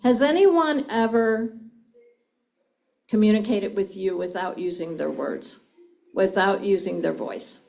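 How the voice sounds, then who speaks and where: A woman's voice: medium pitch, a little slow, vocal fry, pauses often, warm tone. A middle-aged woman giving a live seminar talk on communication, engaging the audience with frequent questions. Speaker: communication speaker.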